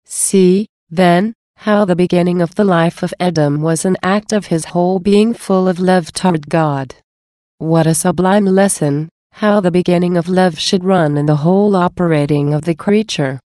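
A woman's voice: on the low side, moderate pace, dark tone, no echo, clean studio sound, lightly acted. A woman reading the words of a tender, loving divine male voice in an earnest devotional style. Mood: tender, solemn.

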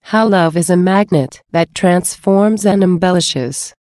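Low, mellow-voiced woman reading devotions. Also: dry recording, studio quality. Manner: slow, reverent, measured delivery.

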